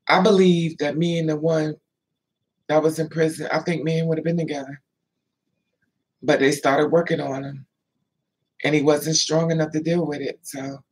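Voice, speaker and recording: A woman's voice: deep voice, little pitch movement, normal speed, long pauses, darkish tone, breathy edge, low-quality recording. A woman telling stories in a loose, chatty way, stopping to answer viewers by name. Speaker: livestream host. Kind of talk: casual storytelling chat.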